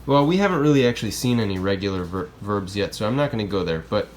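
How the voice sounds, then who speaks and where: A man's voice: fairly low pitch, expressive, fast, slight background noise. A man who teaches Spanish, explaining grammar in a casual, chatty classroom style and often checking in with "okay?" and "right?".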